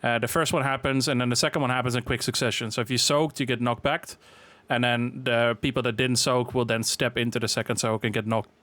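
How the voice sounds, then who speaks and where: A man's voice: mid-range voice, brisk, dry recording. Man casually explaining a game boss. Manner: relaxed, filler-heavy explaining. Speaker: game guide creator. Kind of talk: casual walkthrough of a raid boss.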